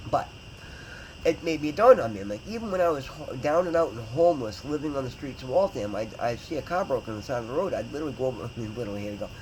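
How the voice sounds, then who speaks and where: A man's voice: mid-range voice, background noise. A man telling a personal story in a rambling, earnest way, full of fillers and restarts. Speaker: vlogger in recovery.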